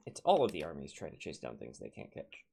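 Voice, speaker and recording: A young Minnesotan let's play host chats casually while playing a strategy game, talking to his units. His voice is extremely low with huge pitch swings, fairly quick, creaky and dark-toned. There's a slight hiss or hum, and he's from Minnesota, United States.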